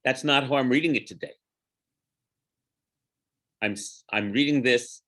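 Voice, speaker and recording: Teaching a casual Torah class, this rabbi talks through the text with plenty of digressions. His male voice is mid-range and a touch bright, and he chants Hebrew phrases slowly, stopping now and then to fix his own mistakes.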